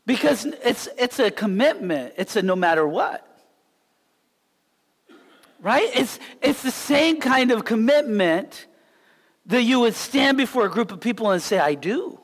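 A man preaching a sermon as a pastor, telling stories in an animated way and acting out the scenes. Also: very high voice, a little slow, long pauses. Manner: animated storytelling, acts out scenes. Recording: long hall reverb.

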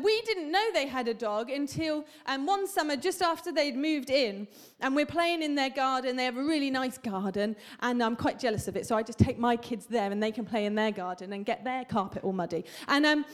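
High-voiced woman preaching. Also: expressive, moderate pace, hardly any pauses. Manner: chatty, humorous storytelling with asides to the congregation. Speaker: pastor. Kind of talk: sermon. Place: church hall.

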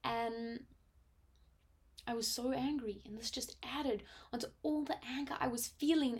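A woman in her twenties with a South African accent, telling a personal story reflectively, with frequent pauses and fillers. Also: on the high side, fairly even intonation, darkish tone, slightly rough. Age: 20s. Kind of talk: personal testimony.

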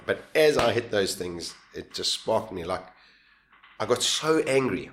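A man's voice: fairly low pitch, animated, measured pace, a bit bright. A man in his fifties telling a survival story in an interview, acting out his own words and the voices of others as he goes. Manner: vivid, acts out his own lines and voices, laughs while telling. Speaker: guest. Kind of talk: animated storytelling.

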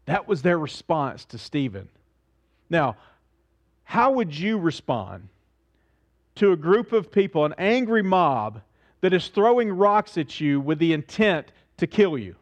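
A man's voice: fairly high pitch, big pitch swings, a little slow. A man preaching a sermon as pastor, speaking earnestly, asking his listeners questions and repeating phrases for emphasis.

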